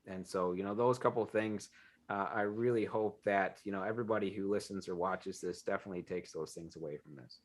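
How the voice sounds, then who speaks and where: A man with a low voice speaks a little fast as an interview guest on a video call. His casual talk is earnest and reflective, full of fillers.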